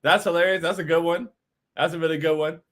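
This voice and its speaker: A man's voice: a little high, fairly even intonation, quick pace, fairly bright tone. A man hosting a postgame fan stream, reading chat messages aloud and reacting in a hyped, emphatic voice that repeats lines for effect.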